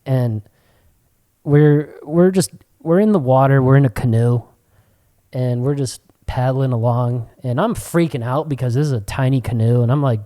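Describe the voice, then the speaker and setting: A young man co-hosting a podcast, telling stories in casual chat with a lot of swearing and sudden high-pitched quoted voices. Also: normal speed, warm tone. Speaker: podcast co-host.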